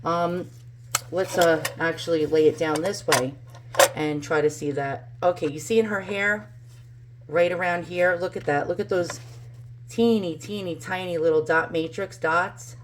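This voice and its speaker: A woman's voice: on the low side, fairly even intonation, measured pace, background noise. A woman with a New York accent casually demonstrating up close on camera and talking as she goes, often repeating words for emphasis. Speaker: antiques channel host. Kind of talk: casual show-and-tell demonstration.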